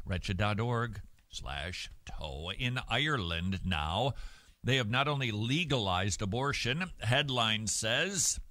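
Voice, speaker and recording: A man hosting a Christian talk show, giving opinionated commentary in an animated, sarcastic way with jokey asides. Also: medium pitch, no echo. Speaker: radio host.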